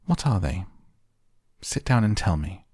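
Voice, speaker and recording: A man's voice: low voice, very animated, measured pace, darkish tone, husky, no echo, clean studio sound, heavily acted. A man voicing a spoiled, demanding sickly boy who gives orders grandly in a storybook reading. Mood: curious. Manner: commanding, grand.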